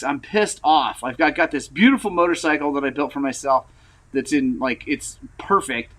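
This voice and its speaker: A man hosting a motorcycle channel in casual rambling vlog chat, frank and frustrated, with lots of fillers and throat clearing, recovering from an injury. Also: medium pitch, expressive, unhurried, sharp tone, rough recording. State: recovering from injury, wearing a brace.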